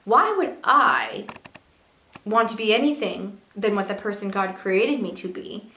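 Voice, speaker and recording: A woman's voice: medium pitch, unhurried. Earnest young woman vlogging in echoey room. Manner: earnest, animated, rhetorical questions. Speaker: beauty and lifestyle vlogger. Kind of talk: casual talk to camera.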